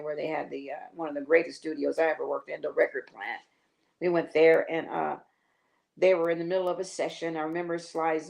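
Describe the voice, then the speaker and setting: An older woman, a guest singer, telling a lively story on a talk show and acting out the quotes with laughter. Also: sits low, creaky.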